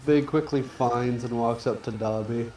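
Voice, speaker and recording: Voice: medium pitch, steady tone, measured pace, mellow, soft background music. A player in a tabletop role-playing game who stammers through restarts. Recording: roomy, distant mic.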